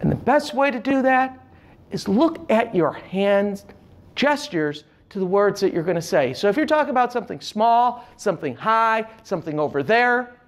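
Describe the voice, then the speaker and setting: A man's voice: sits high, normal speed. A man teaching public speaking tips to camera, with an emphatic delivery and demonstrating gestures as he talks. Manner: animated, emphatic delivery with shifting inflection. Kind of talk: instructional talk to camera.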